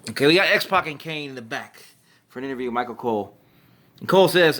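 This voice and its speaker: A man's voice: mid-range voice, lively intonation, fast, fairly bright tone. Casting note: male wrestling reviewer, loose and rambling, self-correcting, mid-range voice. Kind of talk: casual recap commentary.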